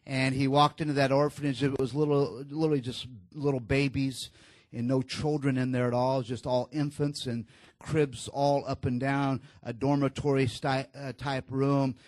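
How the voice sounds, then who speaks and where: A man preaching a sermon, telling a story in a low, hushed voice at the tender moments and rising louder when he exhorts, with many fillers and restarts. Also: flat delivery, moderate pace, dry recording.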